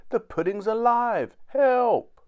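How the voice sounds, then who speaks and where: A man's voice: very animated, measured pace, muffled recording. A man voicing an overprotective, fussing mother in a storybook reading, in a raised, fluttery voice. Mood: alarmed. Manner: high, fluttery and anxious.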